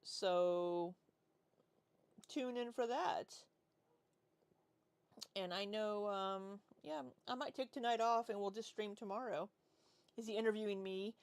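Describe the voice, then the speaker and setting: A woman's voice: medium pitch, takes it slowly, long pauses, clean tone, no room sound. A woman in her forties chatting casually on a livestream, rambling as she reads and answers chat. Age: 40s. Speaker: livestream host.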